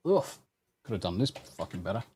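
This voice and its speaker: Man hosting a lively chat. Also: sits low, a little fast, a little hiss or hum. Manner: profane, joking, reads news aloud. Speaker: podcast host. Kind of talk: casual commentary chat.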